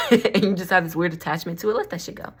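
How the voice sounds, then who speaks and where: She's a crystal seller and vlogger from Florida, casually chatting at home with plenty of laughter, rambling, and "y'all." Her voice is lowish and slightly rough, and she talks fast.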